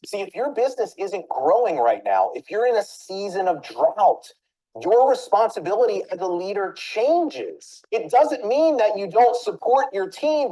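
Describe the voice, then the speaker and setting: A woman business coach giving a training talk, telling a story and speaking straight to her listeners with quick questions. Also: fairly low pitch, low-quality recording. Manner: animated, addresses listeners directly with rhetorical questions.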